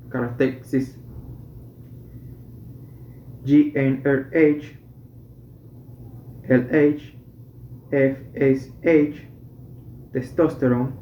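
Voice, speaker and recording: Man slowly reading a medical textbook. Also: medium pitch, a little hiss or hum. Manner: slow, deliberate reading with self-corrections. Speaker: teacher reading a textbook aloud. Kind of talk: reading textbook passages and exercises. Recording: dull echoey room recording.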